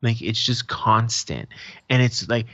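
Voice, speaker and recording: A man's voice: medium pitch, measured pace, no room sound, dull audio. A man co-hosting a podcast in casual chat, telling stories with profanity and acting out quotes, recording remotely from home. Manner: profane, animated storyteller who acts out quotes. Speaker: podcast co-host.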